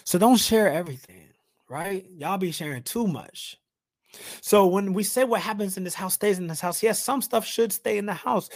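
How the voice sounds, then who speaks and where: A young man hosting a solo talk show, speaking in an animated preaching cadence, firing rhetorical questions and acting out quoted voices with big swings in pitch and loudness. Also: dry recording, clean studio sound. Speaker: podcast host.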